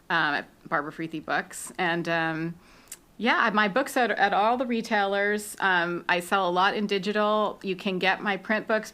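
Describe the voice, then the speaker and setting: A woman author chatting as a podcast guest in a library conference room, friendly and relaxed with frequent ums. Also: on the low side, smooth. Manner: friendly, relaxed, many ums, light laughs. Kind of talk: casual interview.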